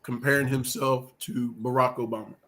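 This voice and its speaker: A man co-hosting a podcast in casual chat, recounting things in a measured, matter-of-fact way. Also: mid-range voice, flat delivery, bright, forceful tone. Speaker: podcast co-host.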